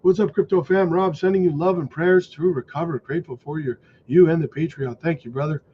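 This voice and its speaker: A man hosting a crypto livestream, hoarse from losing his voice, talking emphatically and asking "okay?" and "right?" as he warns viewers. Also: a little high, fairly even intonation, brisk, highs cut off, a little hiss or hum. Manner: emphatic, warning, says "okay?" and "right?" often. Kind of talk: casual livestream commentary.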